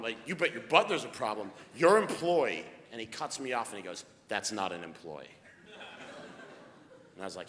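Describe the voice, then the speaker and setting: Man, stand-up comic, mutters then yells, booming hall reverb, stage mic. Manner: builds from low mutters to yelling rants. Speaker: stand-up comedian. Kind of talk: stand-up storytelling. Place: live comedy stage in a hall. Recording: echoey hall with background noise.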